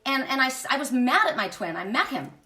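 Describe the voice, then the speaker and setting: High, lively woman giving a fiery spiritual talk. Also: fast, reverberant, distant mic. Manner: emphatic, blunt, swears freely. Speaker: spiritual oracle host. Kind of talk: impassioned spiritual monologue.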